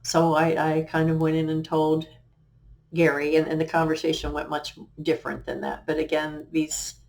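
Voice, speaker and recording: A middle-aged woman, a life coach, sharing her personal story on a talk show in an earnest, halting way, with many fillers and restarts. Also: low voice, completely flat delivery, vocal fry, darkish tone. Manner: quotes remembered conversations.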